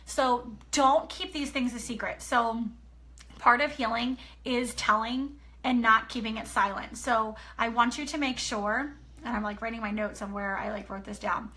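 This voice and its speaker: Earnest woman author, thirties, bright and a little high, animated storyteller. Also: moderate pace. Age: 30s. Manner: earnest, animated storytelling, often checks in with "okay?". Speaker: author sharing a personal story. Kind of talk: casual personal talk.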